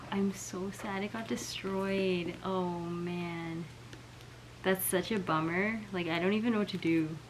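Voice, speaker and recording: A woman's voice: lowish voice, steady tone, slow pace, pauses often, background noise. A young woman filming a casual book unboxing vlog at home, sounding let down, with lots of "like" and "oh my gosh". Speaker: book vlogger.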